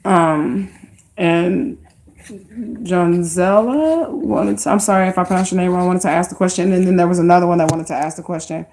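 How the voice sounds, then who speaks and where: A woman's voice: fairly low pitch, moderate pace, a little mellow. A woman giving casual tarot readings on a live stream, speaking straight to her viewers in a chatty, slangy way. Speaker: livestream tarot card reader.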